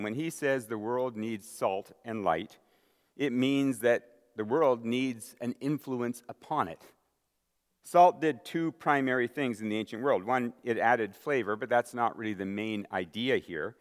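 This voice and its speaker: A man preaching a sermon as pastor, emphatic, building to loud stressed lines with dramatic pauses. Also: medium pitch. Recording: long hall reverb.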